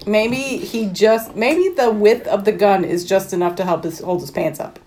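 A woman's voice: mid-range voice, moderate pace, darkish tone. A woman co-hosting a movie podcast, trading dry, sarcastic quips in casual chat. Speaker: podcast co-host.

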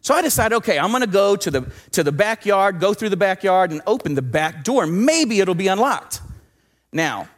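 A pastor from Southwest Texas preaches a sermon built around a personal story, swinging animatedly between loud passages and hushed ones. His voice is high-pitched and his pace moderate.

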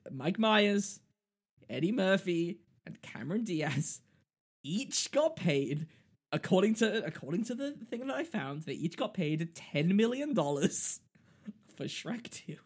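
Rambling, animated podcast guy. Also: high voice, unhurried, husky. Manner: rambling, self-mocking, laughs often. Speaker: podcast co-host. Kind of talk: casual film-review chat.

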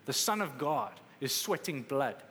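Very animated but measured in pace, a man with a mid-range, somewhat bright voice preaches conversationally and emphatically, performing quotes as he goes. Slight background noise accompanies the echoey hall's faint ambience.

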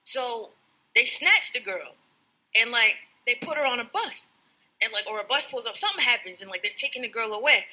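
A woman's voice: on the high side, animated, normal speed, bright, forceful tone, breathy edge, low-quality recording. A woman co-hosting a casual chat, telling a story and acting out the quotes. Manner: chatty storyteller, acts out quotes, many fillers.

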